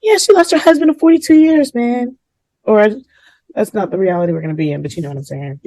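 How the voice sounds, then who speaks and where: A woman's voice: mid-range voice, quick pace, warm tone, no room sound, poor audio. A woman hosting a casual podcast conversation, candidly and emotionally telling a personal story. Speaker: podcast host.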